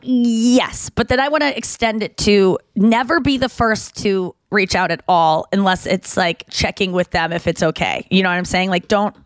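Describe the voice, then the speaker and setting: A woman's voice: medium pitch, moderate pace, few pauses, dry recording. A young adult woman co-hosting a podcast, telling candid, crude stories and acting out what people said. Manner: candid, crude storytelling with acted-out quotes. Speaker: podcast co-host. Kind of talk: casual chat.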